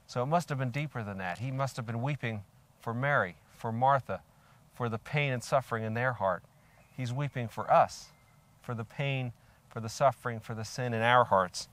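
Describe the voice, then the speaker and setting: A man's voice: mid-range voice, moderate pace, fairly bright tone. An older man preaching a sermon, earnest and reflective, asking his listeners direct questions and reading scripture aloud with rising emphasis.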